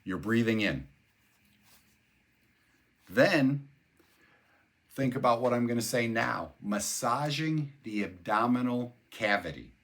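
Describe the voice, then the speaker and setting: A man's voice: medium pitch, animated, slow pace, pauses often, fairly bright tone. An older man talking as a neuroscience educator, conversational and explanatory, repeating words and spelling out terms as he goes. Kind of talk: explanatory talk.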